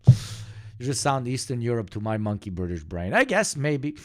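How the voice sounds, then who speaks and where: A man from the Balkans with a slight Slavic accent, a squeaky voice with deep undertones, chatting and joking on a stream and swearing freely. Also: very animated, moderate pace. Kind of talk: casual stream chat.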